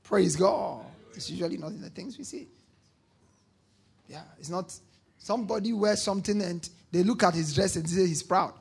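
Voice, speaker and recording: Gravelly, husky-voiced male pastor preaching. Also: high voice, normal speed. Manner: emphatic preaching, repeating lines and prompting call-and-response; bursts into shouting on key points. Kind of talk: sermon.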